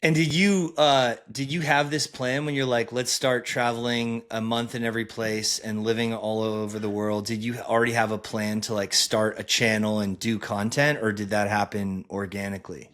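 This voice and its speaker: A man's voice: lowish voice, little pitch movement, normal speed, few pauses, a bit bright. A man hosting a casual podcast interview, asking friendly, long, rambling questions. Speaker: podcast host.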